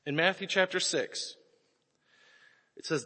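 A man in his forties preaching a sermon, telling stories with animated swings and sudden shouts. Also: on the high side, normal speed, breathy edge. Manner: animated storytelling, bursts into shouts. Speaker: pastor. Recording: echoey hall with long reverb.

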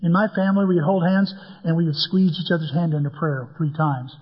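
A man's voice: fairly high pitch, a little fast, breathy edge. An older man preaching a sermon as pastor, in a folksy way that weaves in stories and humor. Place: church sanctuary. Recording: dull sound with long church-hall reverb.

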